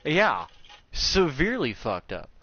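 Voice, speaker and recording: Guy telling a story slow with lots of swearing, pitch all over, muffled audio. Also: huge pitch swings, pushed and bright, slight background noise. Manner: profane, drawling anecdote. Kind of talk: casual storytelling.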